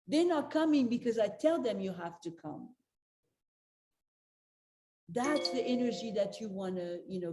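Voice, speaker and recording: A woman's voice: medium pitch, mellow. An older woman giving a motivational talk as a spiritual life coach, earnest and direct, repeating her key advice to the listeners. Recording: roomy echo.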